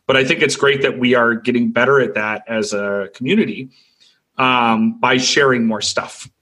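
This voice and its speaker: A man's voice: mid-range voice, fairly even intonation, moderate pace, sharp tone. A man on a casual panel chat, reflecting and telling an anecdote with frequent restarts.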